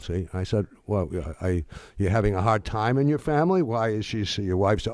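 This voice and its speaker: An older man, a former trading boss, telling a story in a halting way, repeating words and acting out what others said. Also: on the low side, expressive, a little mellow, no echo, studio quality. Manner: halting, repeats words, acts out quoted voices. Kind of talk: casual storytelling.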